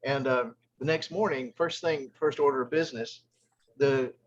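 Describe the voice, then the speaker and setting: A man leading a group discussion, telling a long story in a halting way, with many restarts. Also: medium pitch, dull audio.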